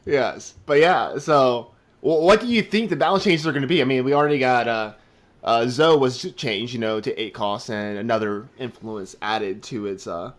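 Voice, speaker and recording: A man's voice: mid-range voice, normal speed. Hesitant streamer man, casual podcast guest. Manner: hesitant, trails off, many fillers and restarts. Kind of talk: casual gaming podcast chat.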